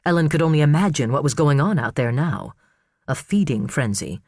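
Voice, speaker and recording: A man narrating an audiobook thriller in an expressive, dramatic storytelling manner. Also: a little high, fairly quick, no room sound, studio quality. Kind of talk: scripted narration.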